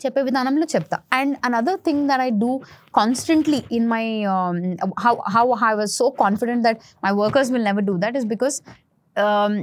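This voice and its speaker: Fast-talking woman, frank and explanatory. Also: on the high side, dry recording. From India. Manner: frank, explanatory, many "uh" and "you know" fillers. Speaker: interior designer and architect guest. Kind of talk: podcast interview, mixing Telugu and English.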